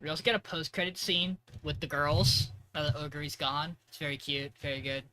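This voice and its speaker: A co-host on an anime podcast, chatting excitedly, swearing and acting out scenes between laughs. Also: male voice, a little high, a little fast, slight background noise. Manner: excitable, profane, acts out quotes with laughter. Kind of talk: casual anime podcast chat.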